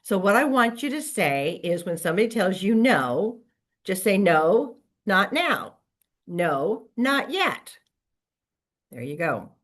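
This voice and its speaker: A woman's voice: medium pitch, takes it slowly. A middle-aged woman coaching real estate agents in a casual motivational talk, acting out quoted lines as she goes. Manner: lively, conversational, acts out quoted lines.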